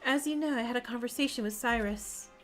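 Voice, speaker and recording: Brief: composed, thoughtful young woman, read by a woman, high voice, faint music behind. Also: brisk, fairly bright tone, natural voice. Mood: measured.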